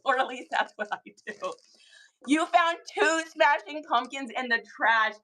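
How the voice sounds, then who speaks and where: A young woman hosting a reseller livestream, chatting excitedly with her viewers about thrift finds. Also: high voice, unhurried, poor audio. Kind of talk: casual livestream chat.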